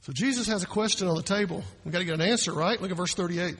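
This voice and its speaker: Pastor, male, high husky voice, conversational sermon with acted-out quotes, long church reverb. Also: rapid-fire, a bit bright.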